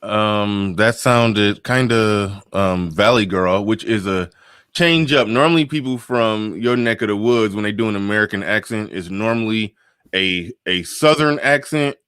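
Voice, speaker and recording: A man's voice: on the low side, unhurried, fairly bright tone, clean tone, no room sound, studio quality. A man hosting a casual livestream talk show, rambling through his thoughts with many restarts and fillers. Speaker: host.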